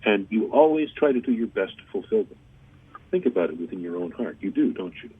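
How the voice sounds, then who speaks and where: A deep-voiced man with a husky tone coaches listeners in a calm, steady way, as a radio show guest. His voice comes over a dry, narrow phone line. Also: brisk, dry recording. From Canada. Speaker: guest channeller. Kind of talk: gentle spiritual advice on a radio interview.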